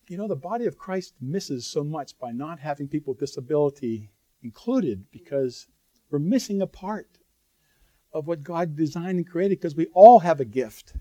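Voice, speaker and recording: Here a man gives a sermon with a warm, medium-pitched voice and no echo. He stays conversational and sincere, talking right to the congregation, slipping in asides and abrupt moments of emphasis.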